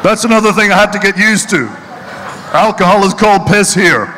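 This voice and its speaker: A man's voice: high voice, a little fast, long reverb tail, background noise. A middle-aged Irishman doing live stand-up on stage, punchy and mocking as he tells his stories. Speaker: stand-up comedian. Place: stage at a charity event hall.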